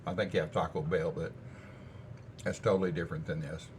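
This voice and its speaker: A man's voice: low voice, fairly even intonation, fairly quick, darkish tone, slight background noise. An older man chatting casually in a homey, folksy way while cooking and tasting food in his home kitchen. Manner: easygoing, folksy, rambling. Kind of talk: casual cooking vlog chat.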